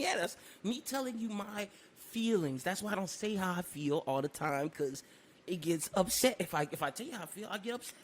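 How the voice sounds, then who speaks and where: A man co-hosting a casual podcast, telling a story with animated energy, laughing often and breaking into loud bursts. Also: sits high. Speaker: podcast co-host.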